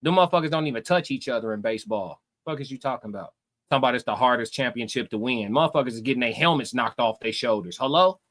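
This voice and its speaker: A man's voice: mid-range voice, animated, fast talker, a bit bright. A man hosting a live reaction stream, reading his chat aloud and answering with brash, profane, taunting trash talk that repeats itself.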